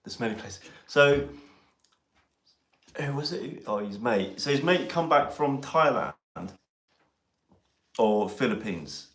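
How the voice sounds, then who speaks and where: Outdoors near Ely, an English man hosts a casual live stream chat, joking and laughing with his mate. His medium-pitched, slightly bright voice is animated but slow, with frequent pauses and a roomy sound.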